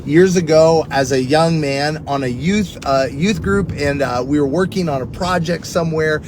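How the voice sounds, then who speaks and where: A middle-aged man teaching earnestly on prayer, preaching in a conversational way and telling personal stories. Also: normal speed. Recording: steady rumbling background noise.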